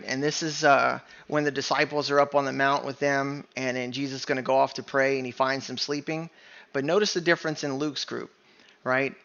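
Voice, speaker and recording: A man's voice: medium pitch, vocal fry, a bit bright, highs cut off. A man teaching a Bible study sermon in an emphatic way, often stopping to ask "right?". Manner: emphatic, keeps asking "right?".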